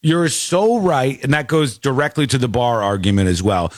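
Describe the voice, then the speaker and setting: A man's voice: medium pitch, lively intonation, moderate pace, no echo, clean studio sound. A man hosting a talk show, ranting in casual banter with mock outrage.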